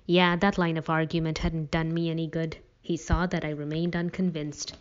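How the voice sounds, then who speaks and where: Woman reading a story aloud, lowish voice, wry, muffled recording. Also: level tone, moderate pace, hardly any pauses, smooth. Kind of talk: first-person story narration.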